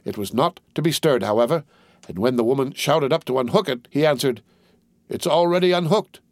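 Guy reading an audiobook, mid pitch, calm steady pace. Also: a little fast, no room sound, clean studio sound. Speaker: narrator. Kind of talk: audiobook narration.

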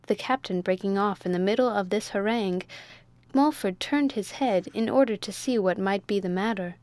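A woman narrating a classic sea novel as an audiobook, in a steady, clear reading. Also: medium pitch, moderate pace, no echo. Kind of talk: scripted narration.

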